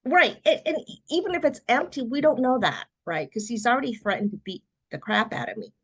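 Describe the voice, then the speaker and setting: A middle-aged woman, a podcast guest, telling her personal story in a lively way and acting out what other people said. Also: fairly high pitch, a little fast, slightly rough. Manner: animated storyteller who acts out quoted voices.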